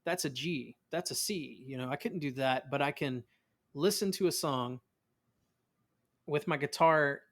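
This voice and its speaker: A man in his thirties, a voice actor being interviewed, telling stories in a lively way, acting out quotes and often restarting his words. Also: on the high side, measured pace. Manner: animated storyteller, acts out quotes of family; many restarts and repeated words. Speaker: voice actor guest. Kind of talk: casual interview chat.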